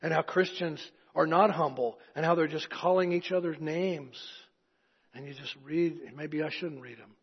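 A pastor from East Tennessee preaches earnestly at normal speed, blending folksy asides with rhetorical questions. His voice is a bit husky and fairly high for a man. The dull, lo-fi recording carries the sermon through a long, echoey hall.

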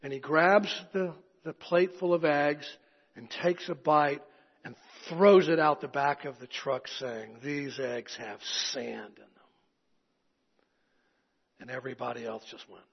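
A man preaches earnestly, mixing folksy asides with rhetorical questions. His voice is a touch husky and sits fairly high for a man. The sermon rings through a long echoey hall on a dull, lo-fi recording. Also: normal speed. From East Tennessee. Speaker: pastor.

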